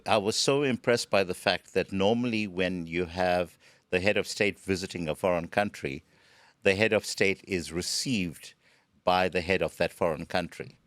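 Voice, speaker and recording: Man, podcast co-host, measured and wry, dry close sound. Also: low-pitched, fairly bright tone, dry recording. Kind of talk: casual political chat.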